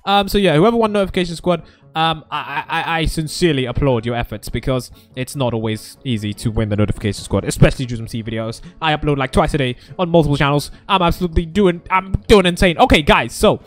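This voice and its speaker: A young man hosting a gaming video, energetic and rambling, with a jokey let's-play commentary manner. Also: fairly high pitch, fast talker.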